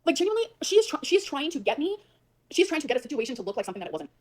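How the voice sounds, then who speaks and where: A woman on a livestream ranting fast and emphatically, swearing a lot as she tells her side of a fight. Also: high-pitched, very animated. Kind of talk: venting livestream rant. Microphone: livestream mic.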